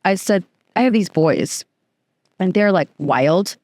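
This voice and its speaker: A woman guest on a podcast, telling a story in a chatty, animated way with lots of filler words. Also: lowish voice, slow, no room sound. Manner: chatty, animated, fills speech with "like". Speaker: podcast guest, youth program co-founder. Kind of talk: casual interview storytelling.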